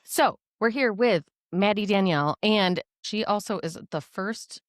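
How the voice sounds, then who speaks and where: A woman's voice: medium pitch, measured pace, no echo, clean studio sound. Bubbly giggly woman co-hosting a podcast. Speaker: podcast co-host. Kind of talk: casual chat.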